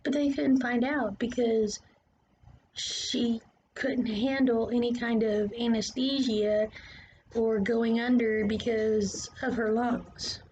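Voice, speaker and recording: A woman's voice: a little high, fairly even intonation, slow, a little mellow, slight background noise, rough recording. A woman vlogging a casual, rambling opinion monologue, plain-spoken and drifting from topic to topic.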